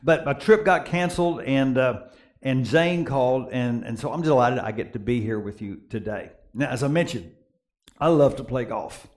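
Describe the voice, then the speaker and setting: A middle-aged man preaching a sermon as a pastor, telling stories with lively swings from quiet asides to excited peaks. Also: medium pitch, moderate pace. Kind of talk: sermon with storytelling.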